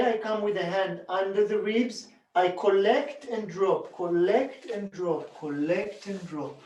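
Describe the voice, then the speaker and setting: Man, high voice, slow calm teaching, bodywork demonstration, echoey room, voice from a distance. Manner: calm, unhurried, counts and chants rhythm sounds while demonstrating.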